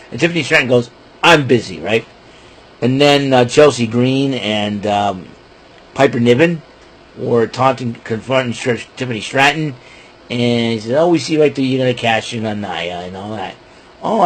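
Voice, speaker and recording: A man's voice: mid-range voice, poor audio. A man hosting a podcast, casually recapping wrestling shows in a rambling way with many fillers and restarts.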